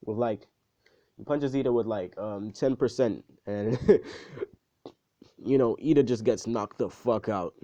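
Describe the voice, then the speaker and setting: Low-voiced man rambling through a story. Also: measured pace, pauses often, dark tone. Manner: rambling, swears often, many fillers. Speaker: storyteller retelling a fan story. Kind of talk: casual storytelling. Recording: dull, dry lo-fi recording.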